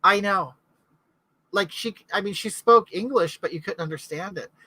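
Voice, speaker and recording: Middle-aged woman hosting a live chat, rambling and chatty, crisp bright tone, dry close sound. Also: mid-range voice, normal speed, no room sound, low-quality recording. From California. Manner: rambling, reads out viewer comments and answers them. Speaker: livestream host.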